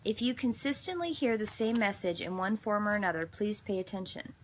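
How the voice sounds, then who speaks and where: A woman's voice: mid-range voice, a little fast, slight background noise. A woman hosting a daily devotional, reading a passage and then reflecting in an earnest, meandering way with some self-corrections. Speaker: devotional host.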